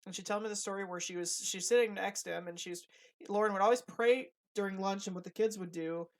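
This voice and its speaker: A man's voice: sits high, fairly even intonation, fast. A young man co-hosting a podcast in casual chat, rambling with many restarts and fillers. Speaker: podcast co-host.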